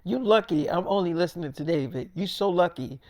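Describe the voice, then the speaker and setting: Man doing a defiant young girlfriend, snippy, high voice. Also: expressive, a little fast, a little mellow, no echo. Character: sharp-tongued young woman, the narrator's girlfriend.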